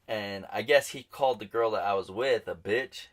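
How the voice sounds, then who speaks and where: Animated low-voiced man telling a story. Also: fast, hardly any pauses. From New Mexico, US. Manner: animated, swearing, acts out quotes. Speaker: podcast co-host. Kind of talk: casual storytelling chat.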